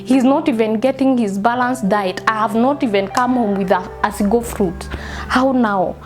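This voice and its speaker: A young woman with a Kenyan accent telling a personal story in halting speech, slipping into Swahili phrases and repeating herself. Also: a little high, soft background music. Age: young adult. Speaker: interviewee. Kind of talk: personal testimony.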